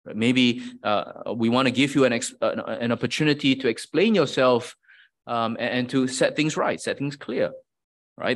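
A man preaches in a conversational, teaching style, frequently tossing in "right?" to check in with his listeners. His voice is medium in pitch and moves at a moderate pace.

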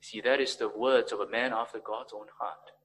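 A man preaching a sermon as pastor, swinging between emphatic raised peaks and quiet, low passages. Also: steady tone, normal speed, a little hiss or hum, low-quality recording.

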